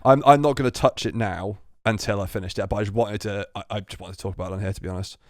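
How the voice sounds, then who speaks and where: A man chatting casually on a podcast, his voice sitting on the low side. He rambles, swears freely and keeps restarting his sentences, and the sound is dry and close. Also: fairly even intonation, rapid-fire, no echo. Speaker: podcast co-host. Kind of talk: casual chat.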